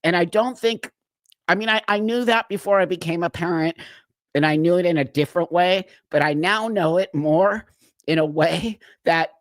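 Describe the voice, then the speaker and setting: A man's voice: a little high, moderate pace, no echo, clean studio sound. A middle-aged man hosting a live stream, talking earnestly and emphatically, his voice cracking with emotion.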